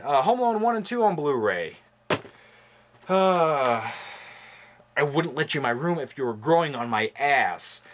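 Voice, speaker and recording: Young male host, casual wisecracking chat, lively pitch, audible hiss. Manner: wisecracking, offhand, swears casually. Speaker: video host reviewing his movie collection. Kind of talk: casual chat with jokes and impressions. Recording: noisy home recording.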